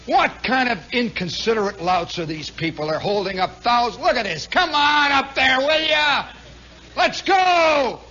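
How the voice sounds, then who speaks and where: A man's voice: high voice, expressive, normal speed, few pauses, a bit bright, lo-fi sound. A man voicing an impatient male driver who hollers at the car ahead in a toll lane. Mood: irritated. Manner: hollering, exasperated. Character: impatient shouting male driver stuck in traffic.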